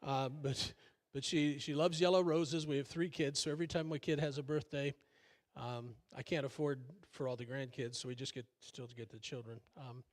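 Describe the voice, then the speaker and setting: A man's voice: medium pitch, steady tone, normal speed. An older man preaching a sermon as pastor, folksy and conversational, with many fillers and self-deprecating asides. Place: church sanctuary.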